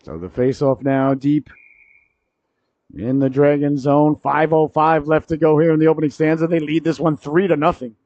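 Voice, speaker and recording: A man delivers hockey play-by-play in a somewhat high voice, tossing in wry jokes and jumping to shouts at big moments. The audio is dry and a little dull, like a small local broadcast. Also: steady tone, normal speed, no room sound. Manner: jokey asides, rises sharply to shouts on goals. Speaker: play-by-play commentator.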